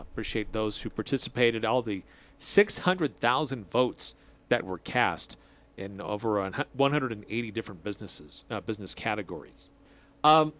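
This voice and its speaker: A man hosting a sports radio show in a relaxed, chatty way, with plenty of fillers. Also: medium pitch. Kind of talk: casual sports radio chat.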